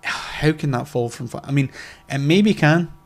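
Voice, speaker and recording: A man's voice: fairly high pitch, moderate pace, vocal fry. A man co-hosting a casual podcast chat, talking emphatically and swearing often. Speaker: podcast co-host.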